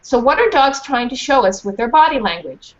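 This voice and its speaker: A woman's voice: fairly high pitch, very animated, brisk. A woman voicing a kind, patient teacher of a children's dog class, asking questions in an encouraging way. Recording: dull muffled recording with faint hiss.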